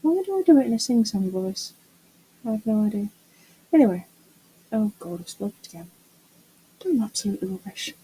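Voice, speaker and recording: A woman's voice: mid-range voice, expressive, brisk, pauses often, mellow, breathy edge, poor audio. A middle-aged woman chatting casually to camera while doing a resin craft, muttering to herself and teasing herself about her mess. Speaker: craft vlogger.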